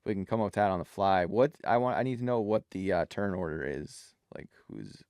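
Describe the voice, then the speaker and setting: A man's voice: deep voice, expressive, fairly quick, darkish tone, smooth, dry recording. A man playing a tabletop game, casually planning out moves aloud with hesitant starts. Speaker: player.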